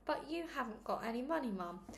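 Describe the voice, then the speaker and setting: A small-voiced young girl, anxious and unhappy, pleading with her mother in a storybook reading, as a woman puts her on. The voice sits fairly high, with a faint hiss behind it. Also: expressive, a little fast. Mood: worried.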